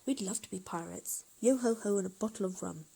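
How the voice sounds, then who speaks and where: A woman's voice: medium pitch, brisk, creaky, a little hiss or hum, close to an everyday voice. A woman voicing an eager older lady who longs to be a pirate, exclaiming in a raised voice. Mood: delighted. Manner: excited, exclaiming. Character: bold eager older woman dreaming of piracy.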